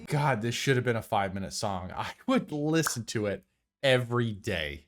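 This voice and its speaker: A man giving casual live commentary on a film he is watching, sarcastic, profane and animated. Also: medium pitch, normal speed. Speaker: movie reactor.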